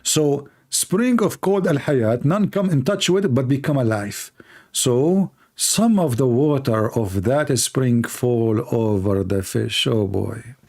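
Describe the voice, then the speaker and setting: A man's voice: medium pitch, lively intonation, takes it slowly, a little mellow. A man hosting his own online show in a sarcastic, mocking monologue, speaking English with non-native grammar.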